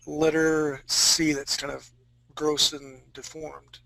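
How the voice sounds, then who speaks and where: A man's voice: a little high, level tone, takes it slowly, vocal fry, bright, forceful tone, dry recording, low-quality recording. A man teaching a live fantasy-art drawing class, talking casually and joking with his students. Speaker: art instructor.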